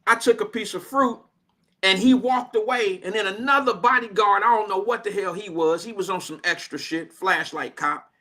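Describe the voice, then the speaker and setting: An American man with a high, bright and forceful voice hosts a radio show from the studio. He tells a story in an animated, slangy, casual way. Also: normal speed. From Cincinnati, Ohio, USA. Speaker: radio host.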